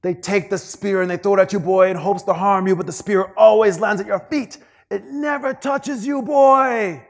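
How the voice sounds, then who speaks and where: A man imitating his wise, stern father, who speaks in a foreign accent with slow, weighty emphasis. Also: sits high, pitched above the performer's own voice. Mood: solemn.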